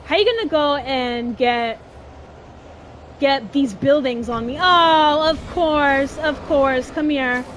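A woman commenting on her own game playthrough in a casual, exasperated way. Her voice sits high and she talks slowly. A steady wash of noise and game sounds runs under her. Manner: chatty, exasperated, exclaiming at the game. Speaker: gaming channel host. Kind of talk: casual let's-play commentary.

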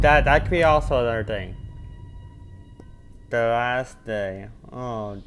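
A man commentating his own horror game playthrough, muttering to himself between sudden panicked shouts. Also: mid-range voice, slow pace, long pauses, soft background music. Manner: mutters to himself, then yelps and shouts when scared. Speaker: gaming channel host.

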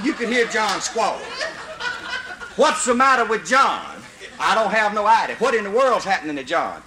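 Animated Mississippi storyteller man. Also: sits high, moderate pace, noisy background. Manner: animated, folksy, bursts into hollers. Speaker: comedian storyteller. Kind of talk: live comedy storytelling.

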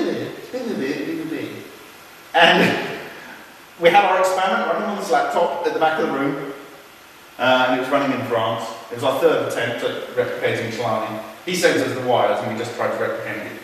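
A man's voice: mid-range voice, a bit bright, slight background noise. A man giving a chatty, informal university lecture, telling anecdotes and swearing casually as he explains. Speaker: guest lecturer. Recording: very echoey hall, distant mic.

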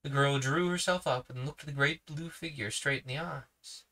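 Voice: mid-range voice, moderate pace, sharp tone. A sleepy reader narrating a children's novel aloud with casual asides. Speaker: podcast reader.

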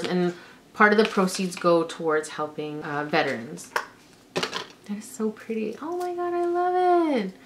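A woman's voice: medium pitch, a little hiss or hum. A young woman vlogger from Canada chatting casually through an unboxing, gushing and exclaiming over each item. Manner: gushing, excitable, lots of gasps and exclamations.

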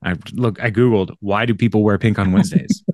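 Low-voiced man rambling through an episode recap. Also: steady tone, brisk, darkish tone, dry recording, studio quality. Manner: rambling, laughing, full of fillers. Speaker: podcast co-host. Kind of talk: casual chat recapping an episode.

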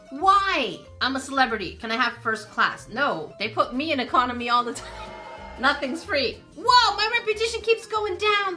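A woman's voice: on the high side, pushed and bright. A woman gaming streamer giving casual let's-play commentary, playfully reading game text aloud and reacting to it.

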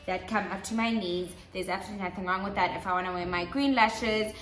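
A woman's voice: medium pitch, fast, fairly bright tone. A young South African woman hosting a casual chat, emphatic and laughing, repeating her points. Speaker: host. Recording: echoey room with background music.

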